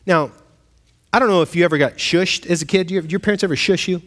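Speaking fast in a high, somewhat bright voice, this pastor's words ring out with a long reverb tail. He keeps the sermon conversational, questioning the congregation and performing the voices of those he quotes.

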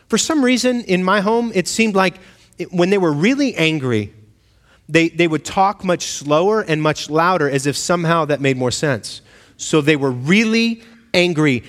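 Guy preaching a sermon, chatty, asks the room questions, slightly high voice, long hall echo. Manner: conversational, asks the congregation questions, acts out quoted voices. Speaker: pastor.

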